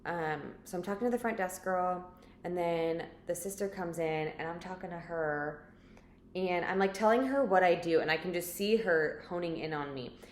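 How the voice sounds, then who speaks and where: Woman vlogger, deep voice, casual rambling storytelling, echoey room, faint background hum. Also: normal speed. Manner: chatty and rambling, many "like" fillers.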